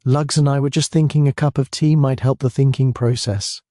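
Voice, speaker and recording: A man's voice: medium pitch, fairly even intonation, moderate pace, warm tone, no echo, studio quality, voice pushed up, lightly acted. A man voicing an easygoing, laid-back rural police sergeant. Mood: easy.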